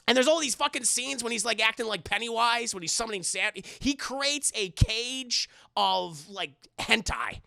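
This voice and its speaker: Young guy streaming a movie review, bright edgy voice, dry close mic, swears a lot. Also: high-pitched, gravelly, dry recording. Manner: animated, swears often, rambling with restarts. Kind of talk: live-streamed film review chatting to chat.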